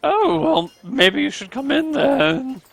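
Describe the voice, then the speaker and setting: A man's voice: very high-pitched, big pitch swings, takes it slowly, fairly bright tone, husky, pitched above the performer's own voice, full character voice. A man doing Wart, a voice-cracking apprentice. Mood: cheerful. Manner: cracking pubescent voice. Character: adolescent male apprentice, cheerful.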